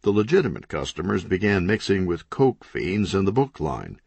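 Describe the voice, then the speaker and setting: A man reading a crime comedy audiobook in scripted narration with an animated, dry comic delivery. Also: deep voice, moderate pace, gravelly, husky, no room sound.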